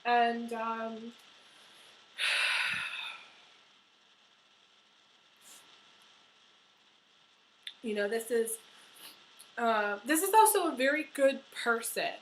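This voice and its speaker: A woman's voice: a little high, drawn-out words, pauses often, fairly bright tone, slight background noise, rough recording. A woman giving a tarot horoscope reading, talking earnestly and emotionally with many fillers and restarts. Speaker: tarot reader.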